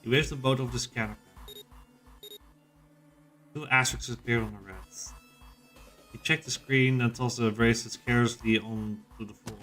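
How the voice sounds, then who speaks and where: A man's voice: mid-range voice, fairly even intonation, moderate pace, long pauses, a bit bright, faint music behind. Man reading a game aloud, swearing. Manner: casual, swearing reactions. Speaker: streamer. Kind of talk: reading a visual novel aloud with commentary.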